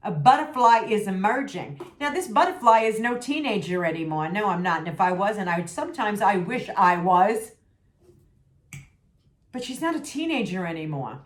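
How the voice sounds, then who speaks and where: A woman's voice: medium pitch, very animated, normal speed. Sassy woman venting in an echoey room. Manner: sassy, emphatic, repeats for emphasis. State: losing her voice. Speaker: vlogger. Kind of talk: candid venting vlog.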